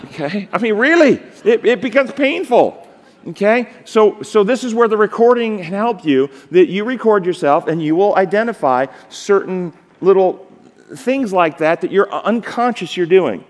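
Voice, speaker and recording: A man's voice: sits high, normal speed. Man lecturing in a reverberant hall. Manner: emphatic, asks the audience rhetorical questions. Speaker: seminar instructor. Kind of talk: live seminar lecture on public speaking. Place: large seminar hall.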